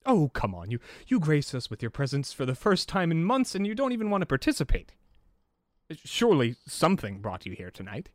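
A man voicing a calm, therapist-like male vampire who leads a group in measured, coaxing speech, in a tabletop game. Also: on the high side, no room sound, studio quality, pitched above the performer's own voice. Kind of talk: acted dialogue in a tabletop game.

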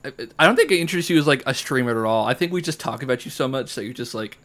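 A man's voice: medium pitch, expressive, very fast, a bit bright. A young American man from Florida hosting a podcast, chatting casually, laughing often and slipping into joking voices. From Florida, United States. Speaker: podcast host. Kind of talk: casual chat.

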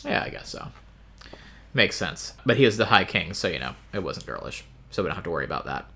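A man's voice: low-pitched, big pitch swings, brisk, bright, forceful tone. A man co-hosting a casual book-discussion podcast, talking in a wry, rambling way with plenty of fillers. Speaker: podcast co-host.

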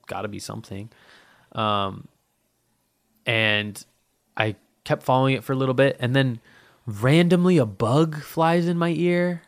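A man's voice: medium pitch, a little slow, clear, resonant tone, dry recording. A man hosting a podcast in a casual, rambling monologue, swearing often and dry-mouthed from thirst. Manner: profane, rambling, heavy with fillers. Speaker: podcast host.

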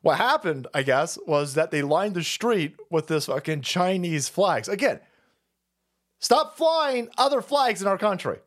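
A man ranting on his livestream, his pitch swinging widely as he rambles. He swears freely and breaks into laughter between jabs. The voice sits a touch high for a man. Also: sing-song, a little slow, a bit bright. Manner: profane, rambling, laughs often. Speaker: livestream host. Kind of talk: political livestream rant.

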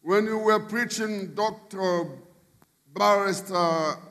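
A man preaching a sermon as a bishop, emphatic and shifting from quiet asides to shouted appeals. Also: high-pitched, slow pace. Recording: long reverb in a large hall.

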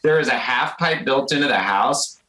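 Young man, casual chat, swearing storyteller, animated, mid-pitched voice. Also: moderate pace, low-quality recording. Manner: profane, animated storyteller who acts out quotes.

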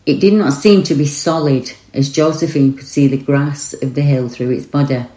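Woman reading spooky reports, really low dark voice, echoey room. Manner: calm, measured storytelling. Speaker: narrator of paranormal reports. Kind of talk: scripted narration.

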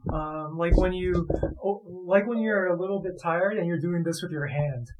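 A man narrating a tabletop role-playing game as game master, describing scenes in a playful, animated way. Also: high-pitched, normal speed, muffled recording, noisy background.

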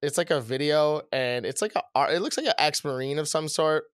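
A man's voice: on the high side, brisk, clear, resonant tone, no echo, clean studio sound. A young man co-hosting a podcast, telling rambling, profane stories in casual chat. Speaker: podcast co-host.

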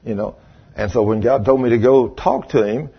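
A man's voice: mid-range voice, normal speed, creaky, breathy edge. An older man preaching a sermon, telling a folksy story and acting out what people said. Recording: dull lo-fi sermon recording.

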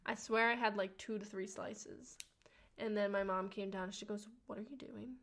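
A young adult woman hosting a podcast, telling a personal story in a chatty, slangy, animated way and swearing now and then. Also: moderate pace. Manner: chatty and animated, slangy, swears, acts out quotes with big pitch jumps. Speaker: podcast host. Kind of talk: casual storytelling monologue.

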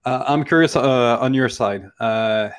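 A man's voice: medium pitch, a little slow, smooth. Hesitant interviewer man. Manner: hesitant, many uh fillers. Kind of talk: interview question.

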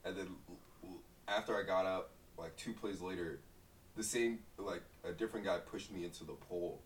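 A man's voice: low voice, normal speed. A young man, a guest, telling a casual, profane story with lots of fillers. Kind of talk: casual chat. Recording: roomy, distant mic with faint background noise.

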